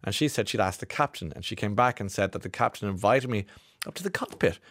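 A man's voice: lowish voice, lively intonation, fast talker, fairly bright tone, no room sound. A man hosting a radio show, chatting wryly and reading out listener texts in a studio. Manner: chatty, wry. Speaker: radio host.

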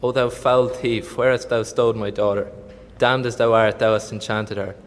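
A man's voice: on the low side, little pitch movement, normal speed, lightly acted. A man playing Brabantio, a furious old senator. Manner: loud, bullying, accusing. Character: enraged old Venetian senator, outraged father. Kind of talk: Shakespearean stage acting. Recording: long hall reverb, voice from afar.

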